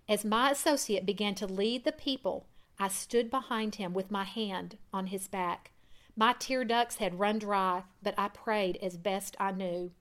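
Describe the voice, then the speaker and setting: A woman reading a first-person testimony aloud in an earnest way, growing louder at dramatic moments. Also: mid-range voice. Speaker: reader.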